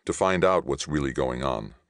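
A man reading the part of an earnest middle-aged colonial governor, speaking in a measured way. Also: very deep voice, expressive, fairly bright tone, dry recording, studio quality.

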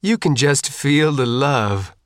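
A man's voice: mid-range voice, lively intonation, slow, a bit bright, no echo, clean studio sound, voice pushed up. A man reading the part of a cheerful young woman crewmate, playful and sing-song.

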